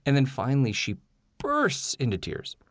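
A man's voice: mid-range voice, wildly swooping pitch, moderate pace, no echo, clean studio sound. A man telling a candid personal story in a rambling way, full of fillers.

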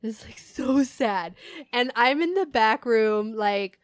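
Slow, giggly young woman storyteller. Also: on the high side, animated, dry recording, studio quality. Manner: giggly storyteller, laughs often through her stories. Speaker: podcast co-host. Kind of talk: casual comedic chat.

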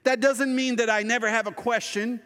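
High-voiced pastor preaching in a reverberant hall. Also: male voice, fairly even intonation, normal speed, bright, forceful tone, clean tone. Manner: earnest, conversational preaching with rhetorical questions. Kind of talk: sermon.

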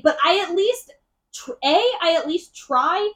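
A woman co-hosts a casual book podcast in a high voice. She retells scenes in a chatty way, full of quick asides. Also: lively intonation, fairly bright tone. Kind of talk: casual chat.

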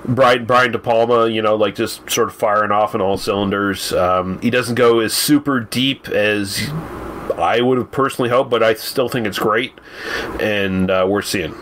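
A man's voice: lowish voice, normal speed, fairly bright tone, slight background noise. A man in casual podcast chat, laid-back and wry with some swearing.

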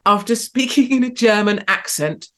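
A woman's voice: lively intonation, normal speed. A woman hosting an online show, giving provocative, sarcastic commentary and talking to her live chat. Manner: provocative, sarcastic, big swings in pitch and loudness.

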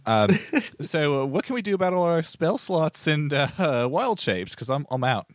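A man's voice: a little high, sing-song, normal speed, no room sound. A man playing a tabletop game, casual and stammering. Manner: casual, stammering, laughing often. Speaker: player.

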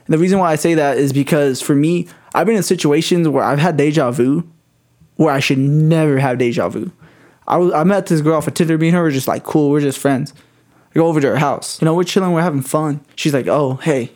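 A young man talks fast in a slightly high voice. He rambles through a story in casual chat and swears a lot. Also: a little mellow.

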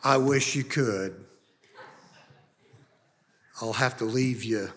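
A man preaching a sermon, emphatic and climbing high and loud on key points, then dropping soft. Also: slow pace. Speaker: pastor. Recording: long hall reverb.

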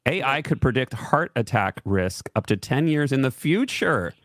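A man's voice: mid-range voice, lively intonation, moderate pace, fairly bright tone, no echo, clean studio sound. A man co-hosting a show, chatting about the news with wry, sarcastic quips. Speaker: show co-host. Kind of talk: casual news chat.

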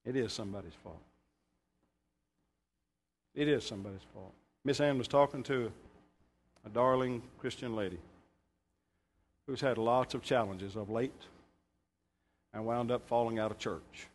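This pastor's mid-range male voice moves unhurriedly, with long pauses, as he preaches in a church sanctuary. He's emphatic and jokes with the congregation, getting louder for scripture readings and punchlines.

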